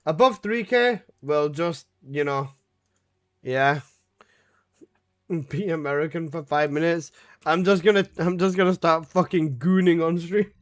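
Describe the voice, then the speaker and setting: Speaking a little slowly, this young male game streamer has a noticeably high voice. He reads viewers' messages out loud during casual live-stream chat, answering them with curses and laughs.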